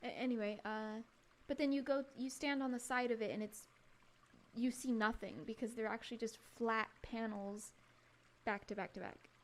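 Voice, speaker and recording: A woman's voice: a little high, fairly even intonation, normal speed. A woman streamer chatting casually over her travel photos, giggling often and rambling with frequent restarts. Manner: giggly, laughs often between remarks. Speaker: live streamer.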